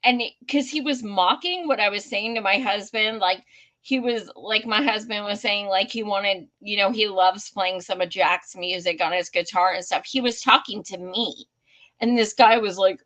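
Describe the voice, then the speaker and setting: A woman co-hosting a podcast, telling profane, animated stories in casual chat and acting out what people said. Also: medium pitch, normal speed, highs cut off. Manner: profane, animated anecdotes with acted-out quotes. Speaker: podcast co-host.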